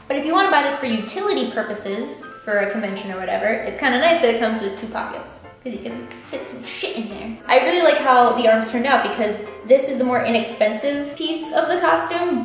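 Woman host, fairly high voice, chatty and a bit breathless; very echoey room, faint music. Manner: chatty, explains details with emphatic jumps in pitch. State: slightly out of breath from a tight corset. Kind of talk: casual costume walkthrough.

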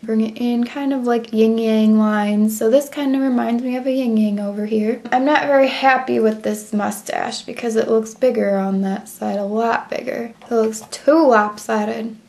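A woman's voice: on the high side, steady tone, vocal fry, a little mellow. Chatty woman narrating a drawing tutorial. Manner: chatty, self-commenting, measured to drawing speed. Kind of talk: voice-over drawing instructions.

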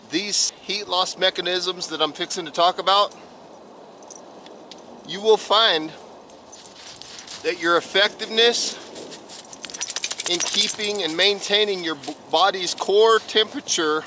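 A man giving a slow, plain survival lesson outdoors in the snow, a little out of breath. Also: on the high side, pushed and bright, a little hiss or hum. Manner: explains slowly and plainly, folksy phrasing. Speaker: survival instructor. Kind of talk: outdoor instructional vlog.

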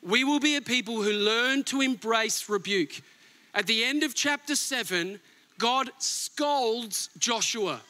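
A middle-aged pastor preaching a sermon with emphatic swings between near-shouts and soft asides. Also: male voice, very high voice, animated, slow.

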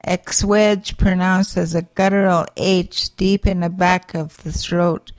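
A woman reads through a pronunciation guide, very slowly and with great care. She sounds out each letter on its own before she says a sample word. Her voice sits a little low and is recorded close and dry. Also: flat delivery, darkish tone, dry recording. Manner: deliberate, spelling out each sound in isolation. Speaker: language teacher giving pronunciation examples. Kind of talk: slow, careful pronunciation guide.

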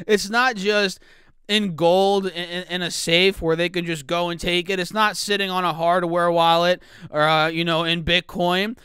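A man hosting a casual stock market video, his voice rough from just waking up, talking chattily to viewers he calls guys and clearing his throat now and then. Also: high-pitched, level tone, moderate pace, bright, forceful tone, no echo, clean studio sound. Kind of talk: casual talk to camera.

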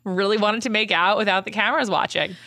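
Bright, chatty woman gushing about TV. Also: medium pitch, quick pace, no echo, clean studio sound. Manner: animated, filler-heavy. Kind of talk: casual chat.

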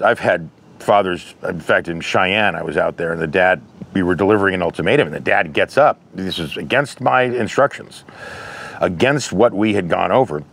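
A man's voice: sits low, normal speed, gravelly, a bit bright, husky. A man talking candidly about family interventions in a conversational advice monologue, with anecdotes from his work.

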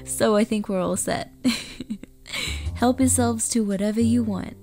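A woman's voice: a little high, unhurried, darkish tone, faint music behind. A woman gaming creator narrating her game in a welcoming hostess tone. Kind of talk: game voice-over.

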